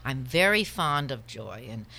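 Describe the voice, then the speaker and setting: An actress playing a blunt, outspoken middle-aged woman traveler in a stage scene, with a sharp, combative delivery. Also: extremely low pitch, big pitch swings, a little slow, slight background noise, pitched below the performer's own voice, heavily acted. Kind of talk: stage scene performed in a studio. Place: studio.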